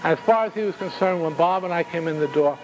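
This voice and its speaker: A man recounting a story in the first person, lingering on dramatic pauses and turning to his listeners with asides. His voice sits a bit high for a man, and soft music plays faintly in the background. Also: poor audio.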